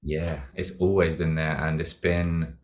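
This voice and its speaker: Deep-voiced reflective man. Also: little pitch movement, unhurried. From Britain. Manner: reflective, rambling with many fillers and restarts. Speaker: podcast guest, dancer and singer. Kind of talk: casual interview chat.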